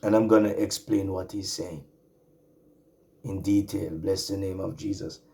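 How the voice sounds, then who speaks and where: A man from the Caribbean islands preaching an online sermon, slow and drawn out, repeating his phrases. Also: low-pitched, steady tone, gravelly, dark tone.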